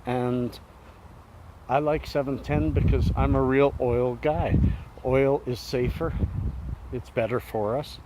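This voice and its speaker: A man's voice: mid-range voice, fairly even intonation, slow pace, pauses often. A middle-aged man vlogging casually on a walk outdoors, rambling in a laid-back, self-deprecating way, filmed on a phone camera. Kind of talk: casual vlog monologue while walking. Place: outdoors walking toward a river. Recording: outdoor phone recording with traffic noise.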